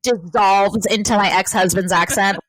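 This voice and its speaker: A woman's voice: medium pitch, moderate pace, fairly bright tone, no echo, rough recording. A woman talking as a podcast guest in a casual chat, rambling with lots of fillers. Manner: chatty, rambling, with many fillers.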